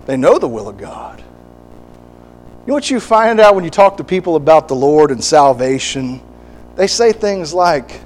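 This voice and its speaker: A man preaching a sermon, animated and acting out quoted voices, with short laughs between points. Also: sits high, measured pace, long pauses, rough recording.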